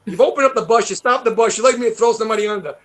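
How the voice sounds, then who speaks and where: A New York guitarist, guest on a casual interview, talks in a high-pitched, rapid-fire voice. He rambles through stories, swearing and laughing often.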